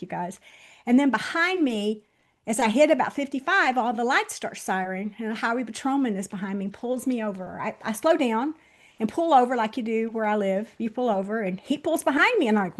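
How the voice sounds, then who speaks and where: A woman in her sixties, a guest on the show, telling a personal story straight to viewers, swinging between loud bursts and hushed moments. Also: fairly high pitch. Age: 60s. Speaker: interview guest.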